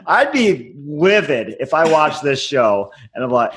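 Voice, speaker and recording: A man's voice: fairly high pitch, very animated, a little slow, fairly bright tone, a little hiss or hum. A man hosting a podcast in casual chat, sarcastic and profane, steering the topics. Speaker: podcast host.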